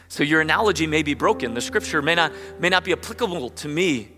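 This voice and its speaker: A man's voice: a little high, expressive, quick pace, few pauses, bright, forceful tone, soft background music. A man preaching a sermon as pastor, reading scripture and building to emphatic bursts. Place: church sanctuary. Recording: long hall reverb.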